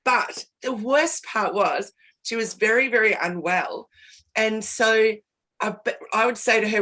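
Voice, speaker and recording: A woman co-hosts a relaxed business chat over a video call. She tells her story candidly, with short laughs slipping into the middle of her sentences. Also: fairly high pitch, a little slow. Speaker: co-host.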